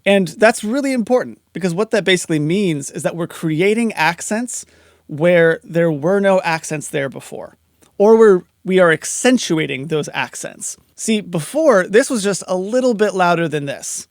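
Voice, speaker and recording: With a high, expressive voice at a moderate pace, an audio mixing instructor explains compression casually in a screen-recorded tutorial, going setting by setting. The clean studio sound has no echo.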